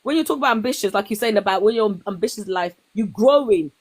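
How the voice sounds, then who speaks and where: A young woman in casual conversation, telling her own stories in an animated way and acting out what other people said. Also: medium pitch, quick pace. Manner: animated storytelling, acts out quoted voices. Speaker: guest. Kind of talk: casual chat.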